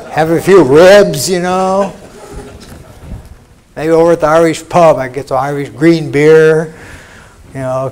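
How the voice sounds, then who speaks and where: Older American male teacher, plainspoken spiritual lecture, mid-pitched voice, blunt asides. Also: darkish tone, slight background noise. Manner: frank, conversational, salty asides and mock quotes. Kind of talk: informal spiritual talk to an audience. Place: lecture hall.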